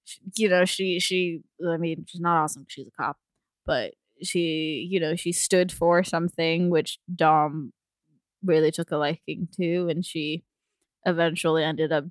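A woman co-hosting a podcast, making sarcastic, animated remarks about a film. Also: sits low, measured pace, no room sound. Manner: sarcastic, animated, laughs often. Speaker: podcast co-host. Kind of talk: casual movie review chat.

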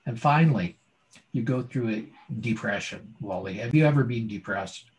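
A man's voice: mid-range voice, normal speed, darkish tone, poor audio. A middle-aged man, a former doctor and now a speaker, telling his story as an interview guest with dramatic pacing and rhetorical questions.

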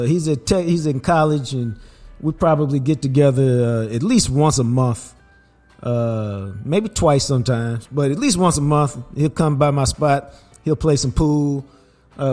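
An older man with a drawl tells a family anecdote as a podcast host. He is casual and animated, jumping into little voices for the people in his story. His voice sits a touch high, with faint music underneath.

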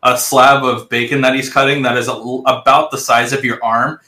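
A man's voice: mid-range voice, little pitch movement, a little fast, sharp tone. A man narrating as game master of a tabletop game, describing scenes with frequent fillers and restarts. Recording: roomy echo.

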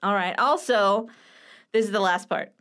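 A woman in her thirties hosting a casual writing show, chatty and playful, with quick asides, recorded at home. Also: medium pitch, fairly bright tone. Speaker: writing coach and podcast host. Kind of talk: casual chat with book critique. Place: home room with a clicking heater.

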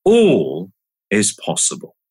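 A man on a podcast as a guest communication trainer, speaking slowly and emphatically as he coaches and guides a hypnosis. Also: fairly low pitch, huge pitch swings, darkish tone, slightly rough. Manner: slow, emphatic, coaching delivery.

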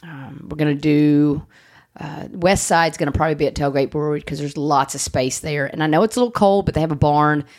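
A woman's voice: deep voice, brisk, a little mellow. A woman hosting a podcast, chatting casually, blunt and joking, swearing freely. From United States. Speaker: podcast host. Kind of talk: casual chat.

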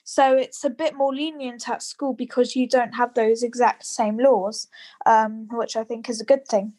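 A woman's voice: a little high, steady tone, normal speed, a little mellow. A British teenage girl co-hosting a podcast, giggly and hesitant in casual chat. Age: teens. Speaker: podcast co-host.

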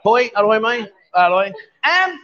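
A man's voice: high voice, lively intonation, normal speed, a bit bright, dull audio. A man hosting a live stream from a bar, chatting and bantering casually with a jokey manner. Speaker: livestream host. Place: busy bar with a pool table.

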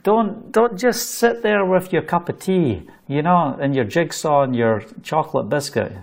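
A man's voice: on the high side, lively intonation, moderate pace, vocal fry, few pauses. A Scottish man preaching a sermon, exhorting listeners fervently with jokey asides.

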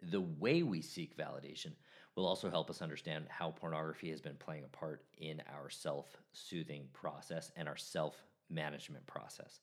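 A man's voice: a bass voice, steady tone, moderate pace. A man in his forties hosting a podcast solo, talking casually with jokes and frequent restarts. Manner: casual, joking, restarts often. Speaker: podcast host.

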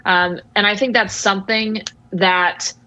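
A woman guest expert answering interview questions about sports and parenting in a measured, thoughtful way. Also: medium pitch, steady tone, pushed and bright, rough recording. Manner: measured, thoughtful, slow explaining.

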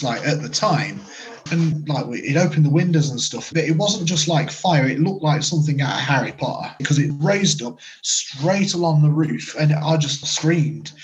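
A medium and paranormal investigator recounts his story in an interview, casual and rambling, sprinkling in lots of "sort of" and "like." His voice is slightly high, and the recording quality is poor.

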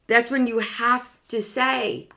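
A woman's voice: fairly high pitch, steady tone, takes it slowly, gravelly, pushed and bright. A woman giving a motivational self-help talk to an audience. She speaks earnestly, repeats key words and asks rhetorical questions as she goes.

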